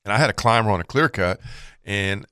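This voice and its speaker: A man's voice: fairly low pitch, brisk, smooth, dry recording, clean studio sound. A middle-aged man, telling a hunting story in casual chat and acting out the sounds. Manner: animated storytelling, acts out quotes and sounds.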